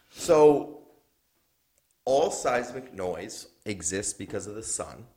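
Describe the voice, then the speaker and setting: Young male podcast co-host, deep and animated, loose rambling delivery with frequent laughs. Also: slow. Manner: rambling, laughs often, swears casually. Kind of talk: casual chat.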